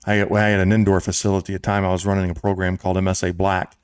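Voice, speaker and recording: An American man hosting a casual sports talk show, telling a long story with lively quoted voices. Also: low voice, racing, clean tone, no echo, studio quality. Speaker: show host and club president. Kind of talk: storytelling in casual podcast chat.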